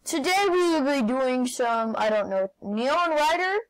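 A woman playing a video game and commenting as she goes, excitable, often shouting and laughing. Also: high-pitched, unhurried, low-quality recording. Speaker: gaming channel host.

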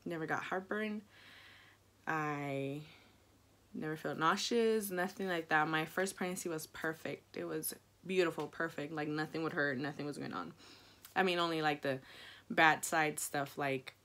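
At a measured pace, this young Mexican-American vlogger talks openly to camera about being pregnant, her speech chatty and filler-filled. Normally lowish, her voice jumps high and excited whenever she acts out her own past words.

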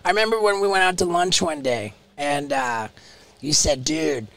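A man's voice: a little high, moderate pace, fairly bright tone, dry recording. A man co-hosting a podcast, talking with an eager, swearing, laugh-heavy manner. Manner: enthusiastic, swears often, laughs a lot. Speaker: podcast co-host. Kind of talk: casual podcast chat.

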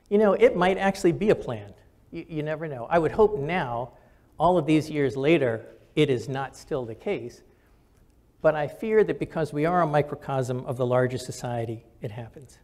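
An older man with a slightly high-pitched voice recounts his own experiences in a reflective, storytelling talk. He speaks earnestly and conversationally, often restarting his sentences. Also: normal speed, a little mellow. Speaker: physician and military officer. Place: recorded for camera.

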